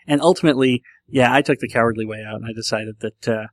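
An American man in a relaxed solo monologue, wandering from point to point and restarting his sentences as he goes. His voice sits at a middling pitch. The sound is dry and close, with no room echo. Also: quick pace. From United States. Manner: rambling, self-correcting, conversational.

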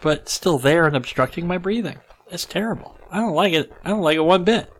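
A man's voice: on the high side, expressive, brisk, rough recording. Congested, rambling male podcast host. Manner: rambling, self-deprecating, frequent restarts and fillers. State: stuffed-up nose, congested. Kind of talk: casual rambling podcast chat.

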